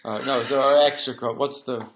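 A male interviewer with a mid-range voice asks long questions that meander and restart. His delivery is halting and conversational. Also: mid-range voice, steady tone, fairly bright tone.

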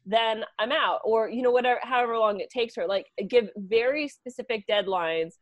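A woman's voice: on the high side, normal speed, no room sound, lo-fi sound. A woman co-hosting a comedy advice podcast, laughing often and giving blunt advice. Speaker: co-host.

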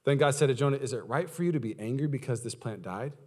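A pastor preaches a sermon at a quick pace, keeping it conversational and peppering the audience with questions. He swings between loud, high outbursts and low, quiet stretches.

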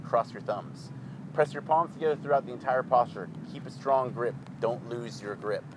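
A man leading a yoga class, giving calm, rhythmic, clipped instructions. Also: mid-range voice, background noise.

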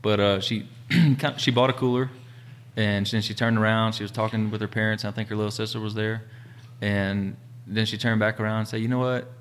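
A man's voice: on the low side, little pitch movement, brisk. A man co-hosting a casual talk show, laid-back and conversational. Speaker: podcast co-host, business owner. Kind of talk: casual chat.

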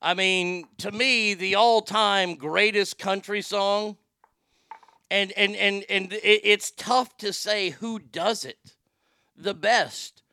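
Middle-aged male host from Texas, higher-pitched and gravelly, swears freely, tells rambling stories in a dry room. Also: takes it slowly, no echo. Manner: profane, animated, rambling storyteller. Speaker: podcast host, former sports broadcaster. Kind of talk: casual storytelling monologue.

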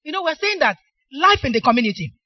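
Middle-aged Nigerian woman preacher, high and animated, emphatic sermon delivery. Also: fast, dry recording, highs cut off. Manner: emphatic, poses questions for the congregation to answer.

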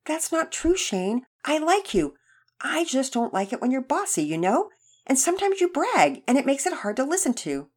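Lady doing a sweet earnest little boy, high and eager, storybook voice. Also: sing-song, moderate pace. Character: earnest young boy, eager to make amends. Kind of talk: storybook reading.

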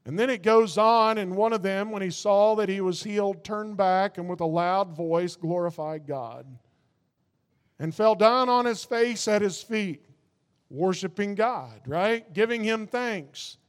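A man preaching a sermon, reading scripture slowly and emphatically, then breaking into animated asides. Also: long reverb tail. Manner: slow and emphatic, reading scripture in drawn-out phrases; bursts into high animated asides.

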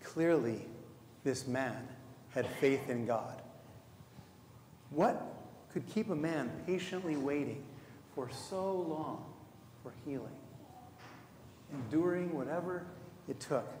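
A man delivers a sermon in a slightly raised pitch, unhurried and reflective, leaning on slow pauses for emphasis. His voice carries through a roomy church sanctuary with a long reverb tail and a faint hum of ambience behind it. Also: animated, darkish tone. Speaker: deacon.

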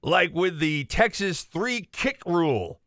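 A man voicing a gruff elderly Texas farmer while telling a joke on a morning radio show. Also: sits high, big pitch swings, takes it slowly, a bit bright, no echo, clean studio sound, heavily acted. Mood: folksy.

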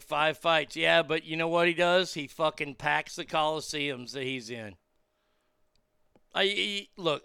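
A man giving blunt, profane, unscripted commentary, with loud excited reactions while watching video clips. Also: a little high, vocal fry, smooth, no echo, studio quality.

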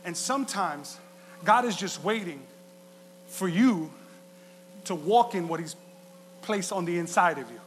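A man preaching a sermon as pastor, passionate and swinging from quiet to shouting. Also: sits high, lively intonation, measured pace, pauses often, a little hiss or hum. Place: church sanctuary. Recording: reverberant hall.

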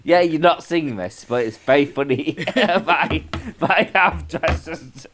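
A man's voice: fairly high pitch, lively intonation, measured pace, fairly bright tone. A man, chatting laid-back and giggly on a podcast. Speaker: podcast co-host. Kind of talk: casual podcast banter.

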